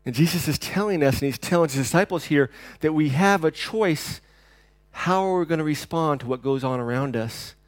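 A pastor delivering a sermon, swinging between loud declarations and quiet, intense passages. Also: male voice, a little high, normal speed, no echo.

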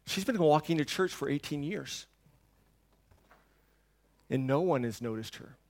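A man's voice: fairly high pitch, expressive, measured pace. Man preaching with dramatic dynamics. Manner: dynamic preaching, swings between hushed and loud; asks the congregation rhetorical questions. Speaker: pastor. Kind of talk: sermon.

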